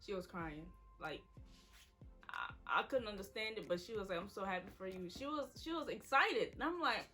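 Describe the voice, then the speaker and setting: Bright-voiced woman in her twenties telling a story. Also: medium pitch, lively intonation, moderate pace, soft background music. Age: 20s. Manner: casual, quoting people in her story. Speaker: vlogger. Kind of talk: emotional story time.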